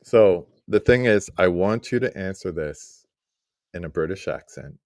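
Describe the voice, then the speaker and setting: New host with a deep voice. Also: male voice, a little slow, no room sound, clean studio sound. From New York. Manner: relaxed, jokey questioner. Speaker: podcast host. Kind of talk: casual interview chat.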